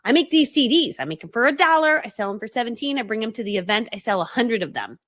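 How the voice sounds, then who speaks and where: A business coach gives a live storytelling talk to an online audience, speaking in a rapid, animated stream with her fairly high voice swinging widely in pitch. She acts out the quoted voices and often laughs mid-story. The recording is close and dry, with no room sound.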